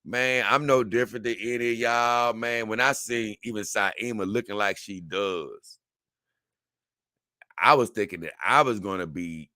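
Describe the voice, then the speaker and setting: A man's voice: fairly low pitch, normal speed, sharp tone, no room sound, studio quality. A middle-aged man hosting a casual talk show, answering viewer comments in a rambling way and often stammering as he restarts his words. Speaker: show host.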